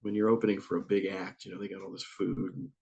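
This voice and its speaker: Here a Northeast Ohio musician in middle age tells casual guest anecdotes in a low, gravelly voice with a breathy edge, talking fast. He laughs often and acts out quotes, and the recording has its highs cut off.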